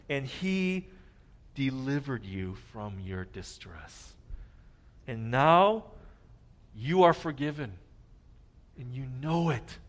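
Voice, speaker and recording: A man delivers a sermon in a fairly high voice. He swings from ringing emphasis down to quiet, hushed phrases, pressing each point with earnest conviction. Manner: earnest preaching with wide swings in loudness, dropping to a hush at key points. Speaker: pastor.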